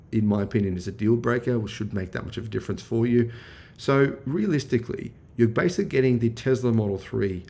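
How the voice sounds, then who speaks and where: A lowish, gravelly voice with a dark, mellow tone. This Australian man talks up a car in a chatty, enthusiastic way, piling on fillers as he reviews it for his vlog. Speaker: car vlogger.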